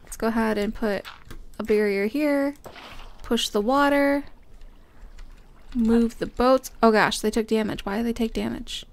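A young woman giving casual let's-play commentary as a gaming host, bubbly and chatty, talking to the game characters and breaking into excited squeals. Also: on the high side, a little slow, gravelly, long pauses.

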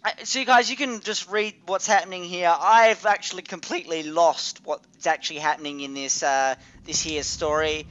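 A young man co-hosting a gaming video, chatting casually over gameplay in a rambling, excitable way. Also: on the high side, moderate pace, few pauses, dull audio. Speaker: gaming channel co-host.

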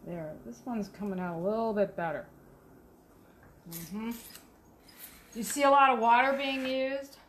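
A woman potter talks viewers through a wheel demo, chatty and playful as she works. Her voice sits fairly high and she speaks slowly, with a faint hum of room noise behind her. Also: fairly bright tone. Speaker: potter teaching on a livestream. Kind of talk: live demo talk while working at the wheel.

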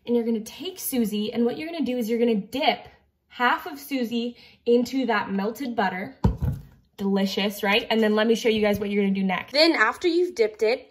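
Young woman, bubbly, playful, kids' cooking host, fairly high voice, jokey. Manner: bubbly, jokey, talks straight to kids. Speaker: children's ministry cooking host. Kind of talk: playful cooking demo for kids.

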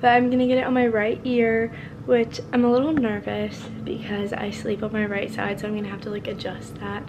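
A woman's voice: medium pitch, completely flat delivery, a little fast, music in the background, rough recording. A young woman talking casually to her viewers from a parked car, chatty and nervous, with lots of "like". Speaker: vlogger. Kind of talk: casual vlog chat.

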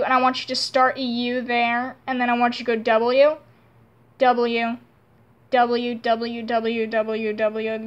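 A woman's voice: fairly high pitch, highs cut off. Rambling young woman teaching drawing. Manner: rambling, self-deprecating, easily frustrated. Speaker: drawing tutorial host. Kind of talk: casual drawing tutorial.

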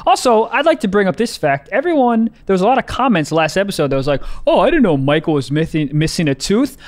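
A man's voice: high-pitched, sing-song, quick pace. A man co-hosting a podcast, bantering crudely with blunt, short reactions and dirty questions. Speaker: podcast co-host.

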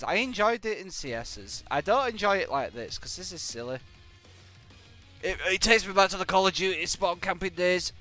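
Faint music plays behind a man who livestreams his gameplay with sarcastic jokes and animated outbursts of exclamation. He talks at normal speed in a voice on the high side.

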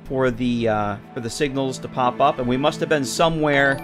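A man's voice: medium pitch, normal speed, music in the background. A man casually streaming a game, rambling with lots of fillers and chatting with viewers. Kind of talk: casual live-stream commentary.

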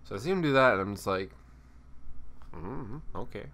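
A young man from Texas casually telling a story from his restaurant job, animated and acting out the people in it. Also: on the low side. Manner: animated, acts out coworkers and guests in quick put-on voices. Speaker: YouTuber telling a work story.

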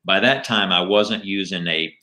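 Brief: middle-aged male comedian guest, low voice with a bright edge, animated stories. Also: moderate pace. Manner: animated anecdotes with jokes. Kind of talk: casual storytelling interview.

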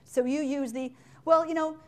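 A woman leading a live leadership and sales workshop in a meeting room, chatty and playful, with quick asides and acted-out examples. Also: sits high, fairly even intonation, darkish tone. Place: meeting room with window blinds.

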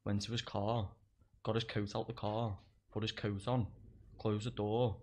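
A man's voice: fairly low pitch, little pitch movement, a little slow, a little hiss or hum. Swearing young man. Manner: swears a lot, laughs through his stories. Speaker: guest comedian. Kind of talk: casual storytelling chat.

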